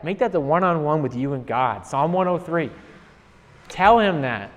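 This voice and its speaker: A man preaches a personal sermon, earnest and halting, often restarting his sentences. When he reads scripture he slows down and lifts his voice, which sits a little high for a man. His words ring out with a long reverb, as in a large hall. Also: expressive.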